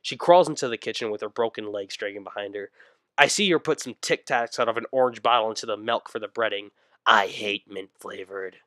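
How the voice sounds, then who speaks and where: A man narrating a comic internet greentext story, mostly deadpan but breaking into sudden yelled outbursts. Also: lowish voice, a little fast, no room sound.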